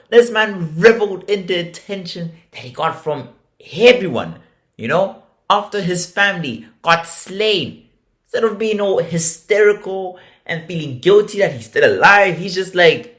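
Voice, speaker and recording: A man's voice: sits high, animated, a little slow, fairly bright tone. A man hosting a true-crime podcast, narrating a case with emphatic indignation and free swearing.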